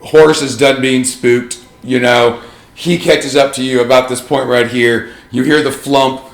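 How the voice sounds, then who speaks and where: A man's voice: medium pitch, steady tone, measured pace. A man narrating as game master, casual and rambling, with filler words between his thoughts. His voice has a roomy echo.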